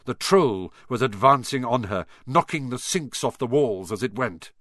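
A man reading a children's story aloud in an animated, expressive manner. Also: medium pitch, normal speed, no echo, studio quality. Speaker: audiobook narrator. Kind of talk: scripted storybook narration.

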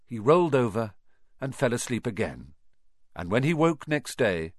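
A man narrating a storybook in an expressive, animated way. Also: mid-range voice, normal speed, no room sound, clean studio sound. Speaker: audiobook narrator.

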